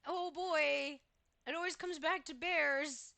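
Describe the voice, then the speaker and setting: A woman's voice: high-pitched, steady tone, slow pace, gravelly, bright, forceful tone, no echo. A woman streamer chatting casually while gaming, gushing, giggling and exclaiming often.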